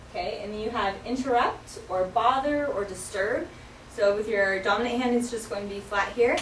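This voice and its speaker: In an echoey classroom recorded from a distance with a noisy background, a woman of medium pitch teaches sign language vocabulary. She explains each sign patiently and step by step, using lots of fillers.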